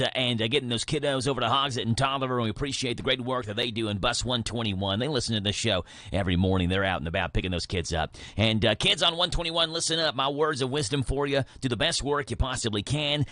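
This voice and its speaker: A man's voice: mid-range voice, quick pace, hardly any pauses, pushed and bright, no echo. A man hosting a local morning radio show, announcing segments and upcoming guests in an upbeat way. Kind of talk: local radio host patter. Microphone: studio mic.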